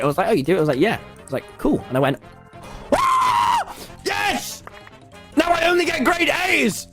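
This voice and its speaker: Animated young guy telling stories. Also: sits high. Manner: animated, laughs a lot, acts out dialogue. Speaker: video creator. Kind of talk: comedic storytelling to viewers.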